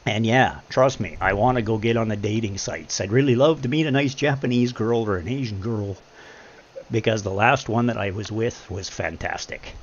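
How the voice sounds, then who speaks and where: A man's voice: fairly low pitch, normal speed. A man streaming a game, talking candidly and emotionally about his life and swearing freely. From Canada. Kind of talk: casual chat. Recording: lo-fi stream audio with faint noise.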